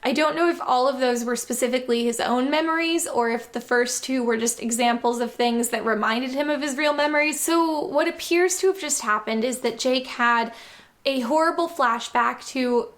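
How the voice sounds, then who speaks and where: A woman's voice: sits high, steady tone, moderate pace, a bit bright. A woman reading a novel aloud and breaking in with sarcastic, amused comments.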